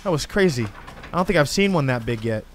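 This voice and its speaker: A man hosting a gaming channel, giving excitable, slangy commentary as he plays a horror game. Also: mid-range voice, quick pace. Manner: excitable, exclamatory, casual slang. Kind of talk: let's play commentary.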